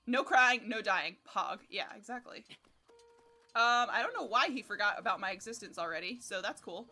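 A woman's voice: medium pitch, sharp tone. Chatty young woman streaming a game. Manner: chatty, swears, laughs a lot, reads chat. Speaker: livestreamer. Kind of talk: casual gameplay commentary.

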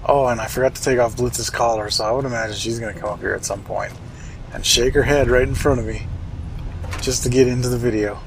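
A man's voice: medium pitch, fairly even intonation, fast, creaky, slight background noise, poor audio. A man casually commenting on his own gameplay, wry and chatty, muttering to himself and swearing now and then. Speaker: let's play host.

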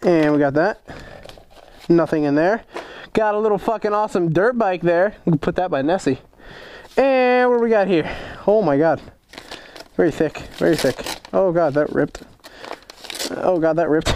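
A young man chatting casually on a vlog as he opens fan mail, excitable, joking and swearing a lot. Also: high-pitched, moderate pace, slight background noise. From United States. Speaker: motorcycle vlogger opening fan mail.

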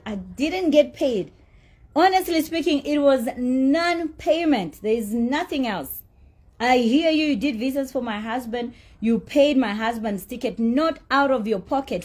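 A woman's voice: fairly high pitch, a little mellow. A woman telling her side of a dispute in a blunt, profane, indignant rant. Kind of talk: heated storytelling rant.

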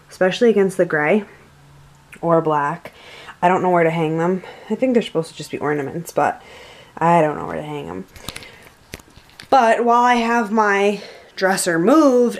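A woman's voice: on the low side, animated, moderate pace, long pauses. A young American woman chatting casually to camera from her bedroom at night, rambling and easygoing. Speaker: vlogger.

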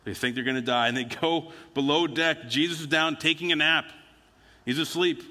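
A man's voice: mid-range voice, fairly quick, pushed and bright. A man preaching a sermon as a pastor, telling stories in a conversational way and acting out the quotes. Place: church sanctuary. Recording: church hall with long reverb.

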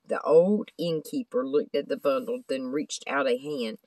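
A woman's voice: very deep voice, unhurried, few pauses, darkish tone, no room sound, low-quality recording. Woman reading a storybook aloud. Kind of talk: scripted narration of a children's book.

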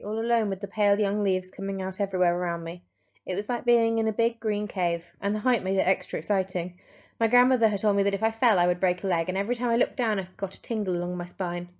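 A woman teacher reads a children's storybook aloud with expressive, dramatic storytelling. Her voice sits in a middle range, and the recording sounds dull and lo-fi. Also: medium pitch.

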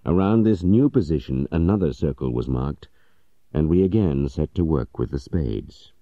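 A man narrating a story audiobook in a measured, even storytelling manner. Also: a bass voice, no echo, lo-fi sound.

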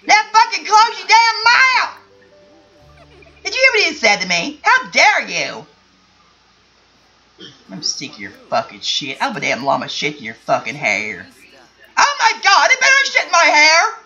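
A woman's voice: high-pitched, wildly swooping pitch, unhurried, pauses often, muffled recording, soft background music, voice pushed up, heavily acted. A woman doing a swearing hothead man sim. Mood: ranting. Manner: yelling, swearing constantly. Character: foul-mouthed hot-tempered man sim.

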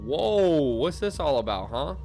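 A young man giving casual gameplay commentary, excitable and swearing a lot as he shouts at the game. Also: on the high side, measured pace, gravelly, over music. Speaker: gaming video creator.

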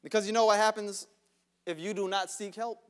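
A man pastor preaching a sermon, dropping to hushed whispers and rising to shouts, repeating words for emphasis. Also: sits high, fairly even intonation, fairly quick, smooth. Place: church sanctuary.

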